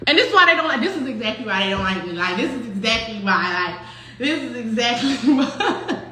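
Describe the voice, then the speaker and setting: Animated high-voiced woman telling a story. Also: a little fast, heavy reverb, a little hiss or hum. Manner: animated, profane, laughs often, acts out quotes. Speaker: storyteller recounting a personal story. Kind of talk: casual storytime chat.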